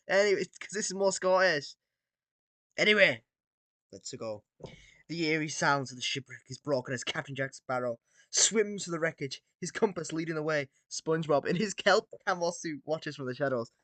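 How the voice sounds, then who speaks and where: A man's voice: fairly high pitch, a bit bright, no echo. A man casually reading an AI-written battle story aloud, stumbling over words and adding self-mocking asides. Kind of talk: casual read-aloud commentary.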